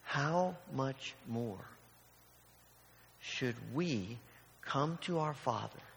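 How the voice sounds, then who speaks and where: A man's voice: medium pitch, animated, extremely slow, vocal fry, slight background noise. Man preaching in a reverberant hall. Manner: storytelling with acted-out voices, conversational. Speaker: pastor. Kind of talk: sermon.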